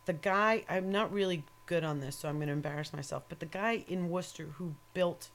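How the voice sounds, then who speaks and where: A woman's voice: on the low side, fairly quick. A woman in casual chat as a co-host, rambling and opinionated, swearing freely and laughing often. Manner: laughs often while talking.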